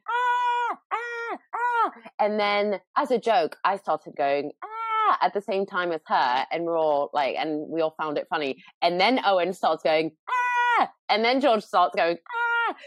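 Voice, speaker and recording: A woman co-hosting a casual podcast, with a very lively, swooping pitch as she recounts family moments. She is recorded close and dry, with no room sound. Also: dry recording. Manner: animated storyteller, acts out voices with big pitch jumps. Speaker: podcast co-host. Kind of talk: casual chat.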